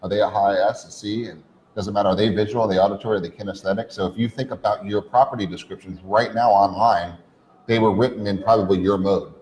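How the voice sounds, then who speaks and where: A man with a very low voice co-hosts a casual podcast. He coaches his listeners, stringing points and questions together in long run-on lists. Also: fairly even intonation, quick pace, darkish tone, poor audio. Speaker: podcast co-host. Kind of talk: casual chat.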